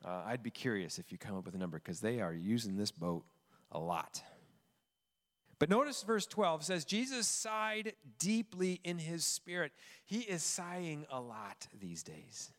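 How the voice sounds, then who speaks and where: A man preaching a sermon, expressive and emphatic, reading scripture and asking the listeners questions. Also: lowish voice, normal speed, in a large hall. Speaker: pastor.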